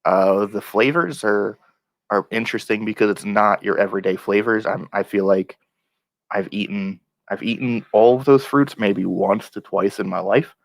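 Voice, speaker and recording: A man's voice: lowish voice, normal speed, vocal fry, no room sound. A man co-hosting a podcast, joking and enthusiastic in casual chat. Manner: jokey, enthusiastic.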